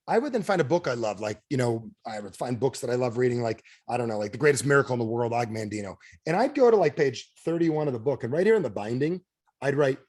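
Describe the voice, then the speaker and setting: A man giving an energetic motivational talk to a sales team on a video call, firing rhetorical questions at his listeners. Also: medium pitch, brisk. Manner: energetic, rhetorical questions to the audience, emphatic swings in loudness. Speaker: direct sales trainer.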